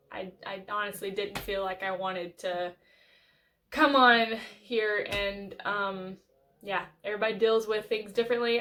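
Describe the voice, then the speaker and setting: An American woman giving an earnest life update on her vlog, halting and thinking aloud with frequent restarts. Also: mid-range voice, a bit bright, a little hiss or hum. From United States. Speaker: vlogger.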